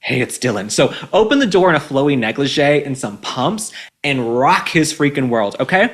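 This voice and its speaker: A man's voice: on the high side, animated, moderate pace. A man in his twenties hosting an opinionated commentary and advice show, sarcastic and emphatic, repeating his points. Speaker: host.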